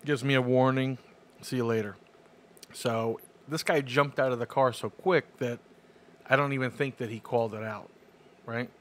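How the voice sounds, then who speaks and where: A man's voice: mid-range voice, steady tone, moderate pace, a bit bright, slight background noise. A man co-hosting a casual chat, telling a story in an easygoing, rambling way. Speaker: podcast co-host.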